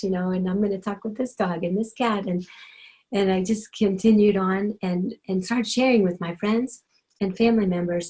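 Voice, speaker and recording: A middle-aged woman, an animal communicator, telling her own story in a gentle, chatty way, full of ums and you-knows. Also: mid-range voice, poor audio. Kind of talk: personal storytelling talk.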